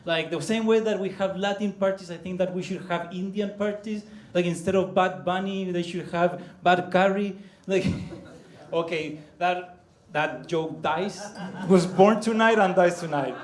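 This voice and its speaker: Slow-talking playful male comic. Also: high-pitched, roomy sound. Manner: playful, laughing at own jokes. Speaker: stand-up comedian. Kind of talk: stand-up set. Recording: live comedy club room.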